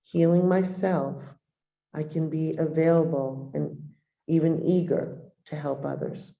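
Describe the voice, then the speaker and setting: A middle-aged woman, a meditation teacher, giving a dharma talk and softly guiding a meditation with long pauses. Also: low-pitched. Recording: roomy echo.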